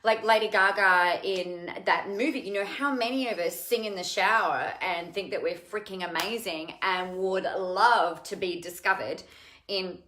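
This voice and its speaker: A woman's voice: mid-range voice, a little slow, a bit bright, echoey room, slight background noise. A woman from Australia hosting a casual live stream at home, chatting in a rambling way and greeting viewers by name. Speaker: live show host. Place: home room with cats.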